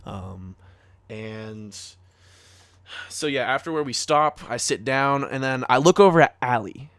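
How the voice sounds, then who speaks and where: A man's voice: medium pitch, expressive, a little slow, a bit bright, no echo. A young man co-hosting a casual podcast, telling a story to friends in a rambling, profane way full of fillers and acted-out quotes. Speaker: podcast co-host.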